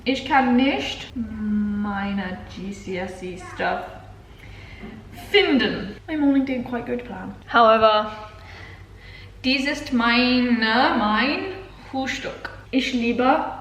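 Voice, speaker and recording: A young Englishwoman with an English accent, vlogging casually at home and slipping into slow, halting beginner German. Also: on the high side, animated, a bit bright. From England. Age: young adult. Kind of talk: casual vlog chat. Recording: roomy, echoey room sound.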